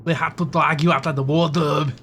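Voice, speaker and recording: A woman's voice: sits low, fairly even intonation, brisk, noisy background. Wry young woman playing a game. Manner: wry, joking. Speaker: game streamer. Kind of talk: casual let's play commentary.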